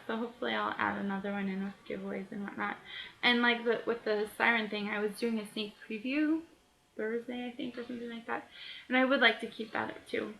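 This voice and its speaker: Bright, gravelly-voiced woman chatting on a vlog. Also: a little high, a little hiss or hum, low-quality recording. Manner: chatty, laughs often, self-deprecating. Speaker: author answering reader questions. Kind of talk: casual vlog chat.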